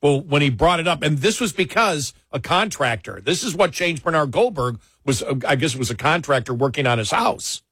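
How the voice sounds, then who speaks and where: A man co-hosting a talk radio show, telling stories in casual political chat with quick asides and restarts. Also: a little high, breathy edge, dry recording, clean studio sound. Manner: animated storytelling, quick asides, frequent restarts.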